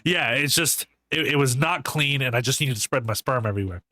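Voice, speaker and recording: A man's voice: medium pitch, fairly quick, dry recording. A man co-hosting a podcast in casual chat, telling crude jokes and stories and laughing often. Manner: crude joking, laughs often, animated storytelling. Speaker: podcast co-host.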